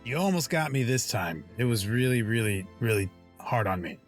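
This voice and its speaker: A man's voice: medium pitch, lively intonation, normal speed, faint music behind. A man playing a tabletop role-playing game, talking casually and teasingly in character.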